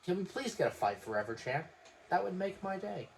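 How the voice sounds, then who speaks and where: A man calling a wrestling match live with a friend, in quick, excitable play-by-play and dry jokes. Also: sits high, gravelly, a little hiss or hum. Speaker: wrestling watch-along host. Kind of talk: casual live reaction commentary.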